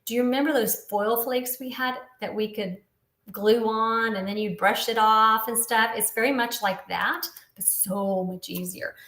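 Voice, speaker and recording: A woman's voice: a little high, fairly even intonation, measured pace, a bit bright, reverberant. A woman in her fifties casually demonstrating a papercraft project, explaining each step as she works. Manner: chatty, explains step by step while working. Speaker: papercraft instructor.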